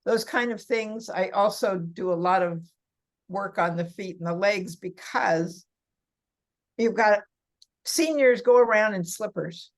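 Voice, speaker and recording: A woman's voice: mid-range voice, a little slow. An older woman talking as a podcast guest about massage work for seniors, chatty and laughing often as she tells stories. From California. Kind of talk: casual interview chat.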